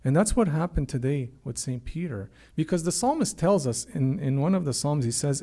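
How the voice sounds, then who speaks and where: A man's voice: fairly high pitch, lively intonation, moderate pace, warm tone. A man preaching a sermon with earnest emphasis, often repeating his words and lifting his voice for quoted prayers. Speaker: priest.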